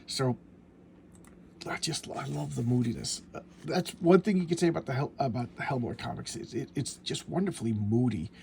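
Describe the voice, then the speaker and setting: A man casually reviewing a comic book in a home vlog, rambling and excitable, with many restarts and fillers. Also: medium pitch, a little fast, vocal fry, slight background noise.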